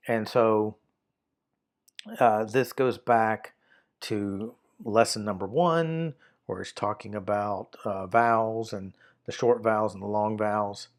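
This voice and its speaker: A man's voice: on the low side, fairly even intonation, slow. A man teaching a Greek grammar lesson, talking through a textbook with many fillers and restarts and sometimes reading passages aloud. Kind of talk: unscripted lesson walkthrough.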